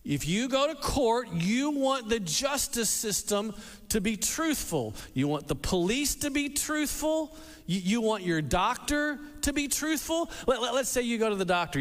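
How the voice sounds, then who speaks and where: Lively high-voiced male preacher. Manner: animated, repeats words as he restarts, acts out quotes. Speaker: pastor. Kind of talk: sermon. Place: church hall with a congregation. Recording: long reverb of a large hall.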